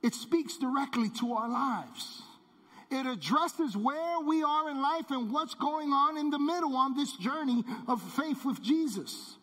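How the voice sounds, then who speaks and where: A man preaching a sermon as pastor, emphatic and repetitive, dropping low on key words. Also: measured pace, a bit bright. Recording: long hall reverb.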